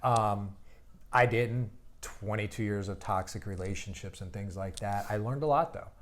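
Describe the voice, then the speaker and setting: A man in his forties chatting casually, telling animated stories and laughing often. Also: lowish voice, moderate pace. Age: 40s. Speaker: guest. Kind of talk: casual chat.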